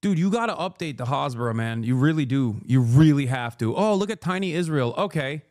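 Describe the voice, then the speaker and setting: A man's voice: fairly high pitch, expressive, fairly quick, darkish tone, dry recording, studio quality. A man streaming live, giving heated, profane and sarcastic commentary while reacting to clips.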